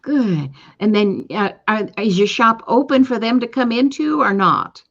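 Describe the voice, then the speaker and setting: A woman's voice: on the high side, expressive, a little slow, creaky. A woman hosting a casual online talk show, asking her guest questions in a friendly way and reading out viewer comments. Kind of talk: casual chat show interview. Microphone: webcam on a video call. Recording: dull lo-fi call audio.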